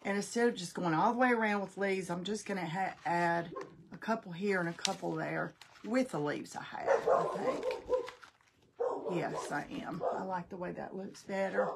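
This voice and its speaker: A woman's voice: on the low side, moderate pace, gravelly, very noisy. A middle-aged woman casually demonstrating a craft live, chatting folksily, thinking aloud and greeting viewers by name.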